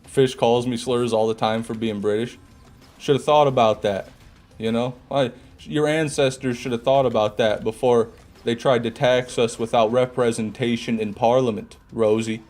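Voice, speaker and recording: Over soft background music, an American man with a steady, medium-pitched, darkish voice talks at normal speed. He's a gaming streamer doing live gameplay commentary, joking and swearing with viewers and laughing frequently.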